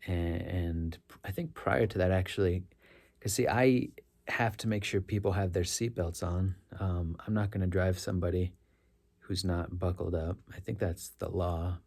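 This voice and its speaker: A middle-aged man with a deep, gravelly voice tells a story in a loose, reflective way. His tone is dark and mellow, and he often circles back and corrects himself as he talks. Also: steady tone, normal speed. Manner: rambling, self-correcting, earnest. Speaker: rideshare driver sharing stories.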